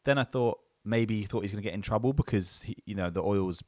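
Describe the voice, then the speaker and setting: A man's voice: fairly low pitch, fast, a little mellow, dry recording, studio quality. A young man with a southern English accent, co-hosting a casual podcast chat and telling stories in a loose, rambling way full of fillers. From England. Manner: rambling, loose storytelling with many fillers and restarts. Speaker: podcast co-host.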